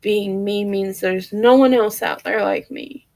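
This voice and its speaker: A woman's voice: mid-range voice, fairly even intonation, unhurried, darkish tone, dry recording, rough recording. A woman vlogging candidly and earnestly, speaking straight to her viewers. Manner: earnest, open, talks to viewers directly. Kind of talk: candid personal vlog.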